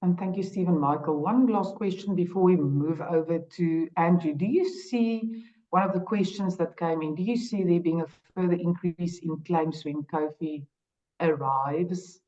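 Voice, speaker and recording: A woman moderates a webinar panel, polite and brisk as she passes between speakers. Her voice sits slightly low, and the call audio is dull and lo-fi. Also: mellow.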